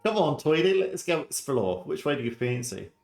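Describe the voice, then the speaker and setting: A man voicing a brisk, bossy male army corporal. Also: a little high, sing-song, creaky, darkish tone, roomy sound, soft background music, pitched above the performer's own voice.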